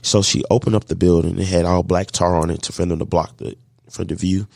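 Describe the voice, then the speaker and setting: A man with a deep, gravelly voice tells his story with animated energy, slipping into the voices of the people he met along the way. The sound is dry and close, with no room around it. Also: fairly quick, no echo. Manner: animated storyteller acting out dialogue, faith-filled. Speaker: guest, catering business owner. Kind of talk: storytelling in a podcast interview.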